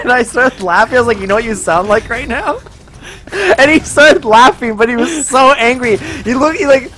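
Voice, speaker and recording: A man chatting casually on a gaming stream, telling a childhood story in an animated, rambling way, often breaking into laughter. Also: very high voice, fairly quick. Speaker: stream co-host.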